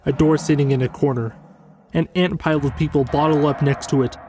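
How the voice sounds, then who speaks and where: A man reading a first-person horror story as scripted narration, measured and tense. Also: fairly high pitch, fairly even intonation, mellow, a little hiss or hum.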